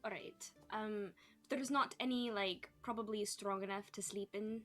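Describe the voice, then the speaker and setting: A woman's voice: mid-range voice, fairly even intonation, measured pace, fairly bright tone. This is a woman playing a tabletop game who talks casually and asks the game master questions. She sounds easygoing, with faint music underneath.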